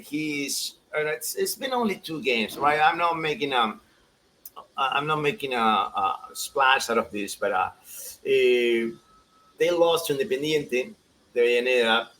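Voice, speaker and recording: A man, chatting casually as a soccer pundit, animated and laughing as he acts out quotes. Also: mid-range voice, slight background noise, rough recording. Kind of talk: casual podcast chat.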